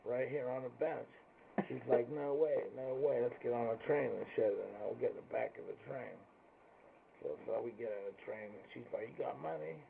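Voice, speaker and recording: A gravelly man tells crude stories casually and bluntly, acting out both sides of each exchange in a profane, street-talk way. His voice sits at an ordinary pitch. The sound is tinny and phone-like, with faint noise underneath. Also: steady tone, moderate pace. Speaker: storyteller.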